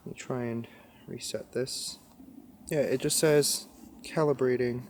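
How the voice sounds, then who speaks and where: A man's voice: medium pitch, fairly even intonation, measured pace, a little mellow, slight background noise. A man exploring a wet forest at night, talking to viewers into a handheld camera. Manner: jumpy, talking to viewers while filming. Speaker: paranormal explorer vlogger. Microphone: handheld camera or phone.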